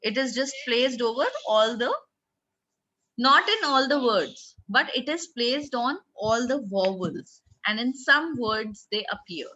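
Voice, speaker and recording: Indian English accent, woman, language teacher, higher voice, bright tone, asks the class questions. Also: animated, a little slow, muffled recording. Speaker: French teacher. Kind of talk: online class lesson.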